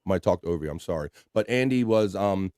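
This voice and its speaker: A man's voice: low voice, animated, quick pace, darkish tone, no room sound, clean studio sound. A man hosting a livestream in a casual, laid-back chat, reading out viewer comments and swearing freely. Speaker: livestream host.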